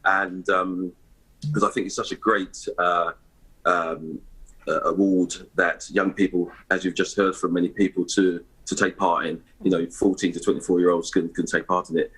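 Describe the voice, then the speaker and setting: A man's voice: deep voice, little pitch movement, moderate pace, a bit bright, breathy edge, low-quality recording. A middle-aged man, a guest in a live broadcast interview, talking hesitantly with many fillers and restarts. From East London, England. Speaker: interview guest, award ambassador.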